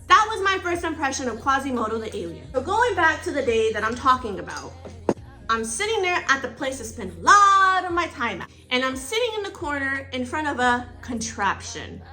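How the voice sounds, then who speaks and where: A woman's voice: high-pitched, very animated, normal speed, pushed and bright, soft background music. A woman casually retelling a storytime while getting ready, playful and coy, spelling out words and giving everyone silly code names. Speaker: storyteller vlogger.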